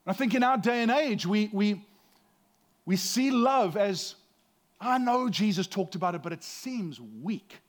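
A middle-aged pastor with a high voice speaks a little slowly, delivering a conversational sermon full of restarts and self-deprecating humor.

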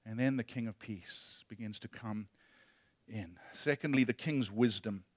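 A male pastor preaching a sermon, impassioned, moving between loud emphasis and hushed storytelling. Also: fairly low pitch, unhurried, dry recording, studio quality.

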